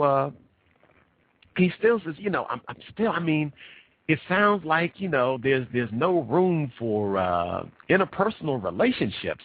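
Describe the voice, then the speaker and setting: A tired man hosting a radio show, talking in an animated, emphatic way and repeating points for effect. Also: on the high side, breathy edge. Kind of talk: animated talk at a conference. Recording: tinny phone-like dry recording.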